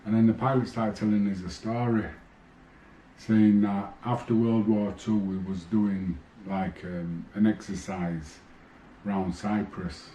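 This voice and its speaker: A man's voice: on the low side, unhurried, a little hiss or hum. A middle-aged man, a former boxer casually telling fight stories and acting out old conversations. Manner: animated storyteller, re-enacting exchanges. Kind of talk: casual storytelling. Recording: echoey room with faint ambience.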